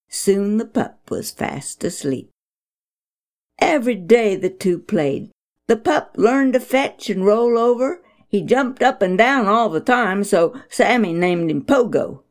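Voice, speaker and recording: A woman reading a children's story aloud in an expressive, gentle storytelling manner. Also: fairly low pitch, creaky. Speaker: narrator.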